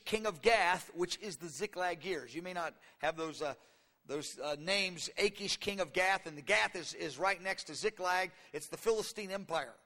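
Fiery preacher in his fifties, bright-voiced. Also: long reverb tail. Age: 50s. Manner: animated, acts out voices with rising pitch. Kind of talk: sermon.

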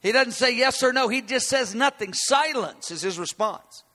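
A man's voice: very high voice, animated, normal speed, sharp tone, long reverb tail. A male preacher giving a conversational sermon, explaining a Bible passage with frequent restarts.

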